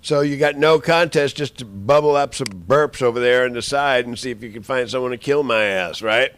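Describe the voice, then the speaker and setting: A man's voice: mid-range voice, moderate pace, fairly bright tone. A man in an angry, rambling monologue, cursing and making threats at the people he addresses.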